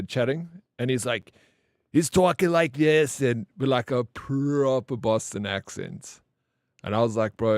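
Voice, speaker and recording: A man's voice: fairly low pitch, darkish tone, no echo, clean studio sound. A man chatting casually with his chat during a live game stream, rambling and calling viewers by name.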